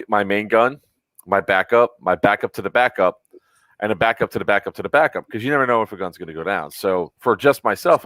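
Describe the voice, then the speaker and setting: A man from Florida with a lowish voice, talking casually on a podcast. He teases and jokes, and he rambles with plenty of fillers. The sound is dry and close. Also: a bit bright, no room sound. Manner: joking, teasing, rambling with fillers. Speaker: podcast co-host. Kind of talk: casual chat.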